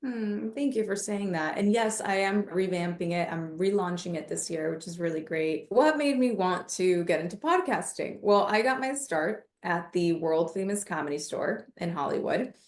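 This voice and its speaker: A woman with a slightly low voice, telling stories in a relaxed interview. She is animated and brings the people she quotes to life with little voice changes. Her voice rings in a roomy space. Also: normal speed, few pauses. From United States. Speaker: podcast guest, comedian and mindfulness coach. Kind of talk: casual interview storytelling.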